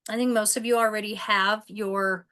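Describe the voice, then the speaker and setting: A woman's voice: mid-range voice, steady tone, normal speed, sharp tone, clean tone. A middle-aged woman giving a casual wellness presentation over a video call, conversational, with many fillers and restarts.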